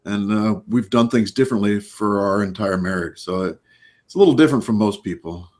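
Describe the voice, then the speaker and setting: A man's voice: lowish voice, brisk, a little mellow. A man in his sixties, a therapist guest in a casual interview, explaining his points emphatically with anecdotes.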